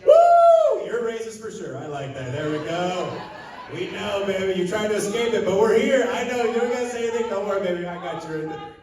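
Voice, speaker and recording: Young stand-up comic from Southern California. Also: male voice, sits high, fast talker, noisy background. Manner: chatty crowd work, loose storytelling with act-out quotes. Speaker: stand-up comedian. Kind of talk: stand-up comedy set. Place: casino stage with a live audience. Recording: very echoey room, voice a bit distant.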